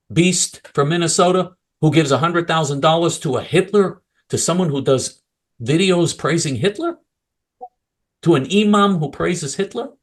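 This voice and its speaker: A man with a fairly high voice rants about politics in an angry, mocking tone. He jumps between loud, heated bursts and low muttered asides, and keeps restarting his sentences. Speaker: political commentator. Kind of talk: ranting political talk.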